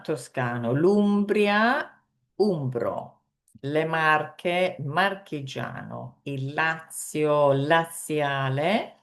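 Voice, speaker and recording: A woman teaches an online language lesson at a very unhurried pace. She hesitates often, filling gaps with small sounds, then lands carefully on each word she pronounces. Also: low voice. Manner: slow, hesitant, many fillers, carefully pronounces Italian words. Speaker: Italian teacher.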